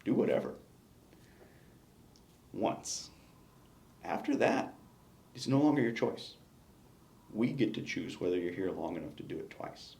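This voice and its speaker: A gravelly man with a low voice talks in an exit interview. He reflects on his time as a battalion chief, stressing his points with emphasis and frequent restarts. The room sounds echoey, with faint noise behind. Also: very animated, measured pace, long pauses, darkish tone. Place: indoor meeting room.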